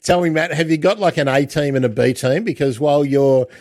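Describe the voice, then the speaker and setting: A man hosting a casual interview, chatty, with lots of halting restarts. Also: on the high side, fairly even intonation, darkish tone, no room sound. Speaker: podcast host.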